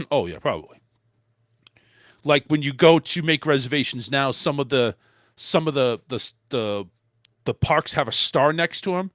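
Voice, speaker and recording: Male host, lively rambling chat, dry close sound. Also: mid-range voice, unhurried, pauses often, no room sound. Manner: loose, rambling delivery with frequent restarts and mild swearing. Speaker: podcast host. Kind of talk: casual chat.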